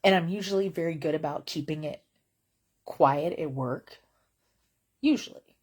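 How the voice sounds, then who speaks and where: A woman with a husky, slightly low voice talks casually to her camera from bed at home. Her delivery is slow and unhurried, wry and blunt, wandering between topics with plenty of fillers. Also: a little mellow. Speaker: vlogger.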